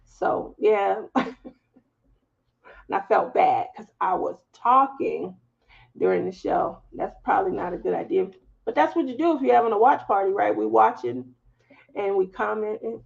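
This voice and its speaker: A woman with a Southern US accent hosts a craft live stream, chatting casually and laughing as she tells stories on the side. Her mid-range voice is gravelly, her pace moderate, and she pauses often. The lo-fi audio sounds slightly dull.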